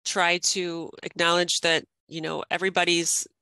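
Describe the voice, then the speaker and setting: Bright, earnest woman coach in her fifties. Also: lowish voice, flat delivery, moderate pace, smooth, no echo. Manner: reflective, earnest, laughs often. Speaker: guest life coach. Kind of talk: podcast interview.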